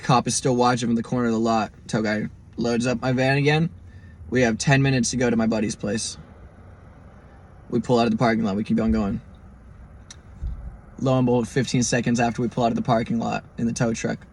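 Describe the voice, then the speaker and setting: A man hosting his own podcast, telling listeners a first-person road story in a casual, profane, animated way. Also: medium pitch, a little fast, vocal fry, a little hiss or hum. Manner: speaks straight to listeners as "guys". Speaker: podcast host.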